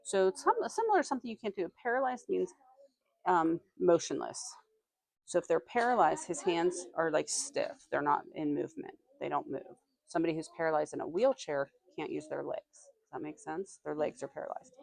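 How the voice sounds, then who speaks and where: A woman teacher leads a reading lesson in her classroom, reading aloud at a slow, deliberate pace and pausing to question her students. Her voice sits fairly low and sounds close and dry, with little room sound. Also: expressive, vocal fry, no room sound. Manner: reads aloud slowly, quizzes students.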